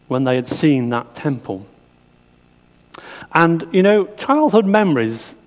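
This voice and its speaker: A middle-aged man preaching a sermon, chatty, often asking his listeners questions. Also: fairly high pitch. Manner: conversational, asks the congregation questions. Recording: long hall reverb.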